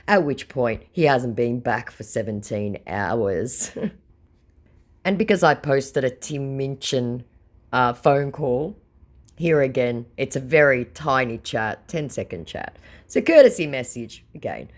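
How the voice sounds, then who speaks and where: A woman's voice: rumbling low, very animated, measured pace. An Australian woman hosting a scam-baiting channel, chatting casually and sarcastically as she reads out chat messages, blunt and swearing freely.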